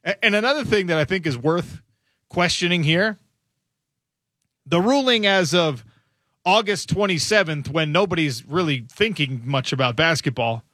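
A man's voice: a little high, lively intonation, moderate pace, sharp tone, dry recording. A man hosting a sports radio show in a studio, musing aloud in a casual, conversational way. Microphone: studio microphone.

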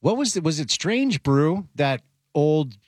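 A man's voice: on the high side, very animated, a little slow, darkish tone, no room sound. Chatty man hosting sports radio. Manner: loose and chatty, with restarts. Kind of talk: casual sports radio chat.

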